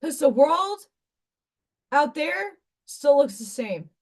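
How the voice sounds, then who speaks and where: Slow-talking woman preaching passionately. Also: high-pitched, sing-song, darkish tone. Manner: passionate and preachy, swears freely. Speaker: livestream craft host. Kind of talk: casual spiritual chat on a live stream.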